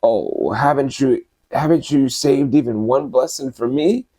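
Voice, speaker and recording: A man voicing a desperate grown son who begs his father, his voice pushed up high into pleading cries. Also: animated, unhurried, dark tone, slightly rough, no echo.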